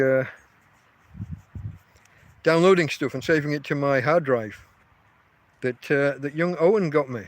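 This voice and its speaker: Rambling man, fairly high voice. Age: 50s. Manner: rambling, chatty, often restarts his sentences. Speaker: livestream host. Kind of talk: casual livestream chat. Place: outdoors.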